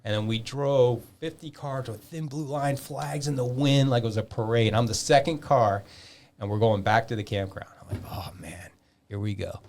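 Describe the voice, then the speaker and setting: A man in his fifties with a low-pitched voice talks as a podcast guest, spinning an animated story. He swears freely and acts out the back-and-forth with other people himself. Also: gravelly, slight background noise. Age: 50s. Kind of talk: casual storytelling.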